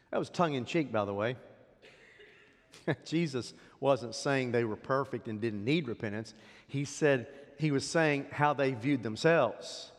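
A man preaching a sermon as a pastor, swinging from loud emphatic peaks down to hushed, quiet drops. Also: medium pitch, very animated, moderate pace. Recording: long hall reverb.

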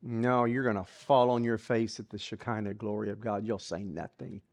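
A preacher giving a sermon, retelling a story dramatically and dropping to hushed whispers, often repeating words while building a scene. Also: mid-range voice, fairly even intonation, normal speed.

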